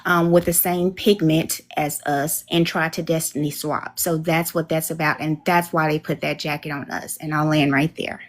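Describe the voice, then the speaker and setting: Deep, flat-toned woman, firm. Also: moderate pace, few pauses. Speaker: panel participant. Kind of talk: closing a point in a panel debate.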